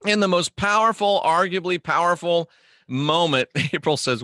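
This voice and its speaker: A man's voice: sits high, moderate pace, sharp tone, dry recording, studio quality. A man hosting a casual livestream monologue, rambling and joking as he answers viewer comments. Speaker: host.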